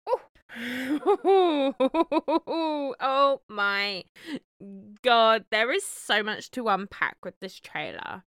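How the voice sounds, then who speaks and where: A young woman co-hosts a podcast in excitable, gushing casual chat with casual swearing. Her voice is bright and crisp. The recording is close and dry. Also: mid-range voice, takes it slowly, no echo. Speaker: podcast co-host.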